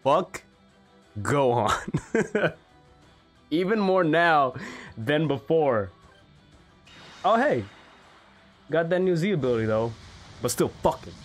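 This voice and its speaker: Excitable young man, casual game commentary. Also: fairly high pitch, takes it slowly, pauses often, faint music behind. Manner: excitable, swears freely, laughs a lot. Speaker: gaming YouTuber.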